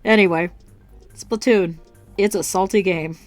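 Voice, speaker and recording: A woman's voice: mid-range voice, measured pace, no echo, faint music behind. Salty, swearing woman ranting on stream. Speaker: art streamer. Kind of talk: casual chat while streaming.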